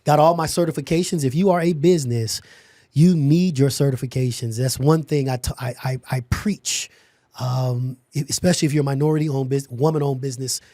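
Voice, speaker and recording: A man, a guest on a podcast, tells his own story in an animated, emphatic way, often repeating words and restarting sentences. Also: mid-range voice, a little fast, dry recording, clean studio sound. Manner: animated, emphatic, laughs as he talks. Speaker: podcast guest, security company owner. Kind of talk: personal storytelling in a conversation.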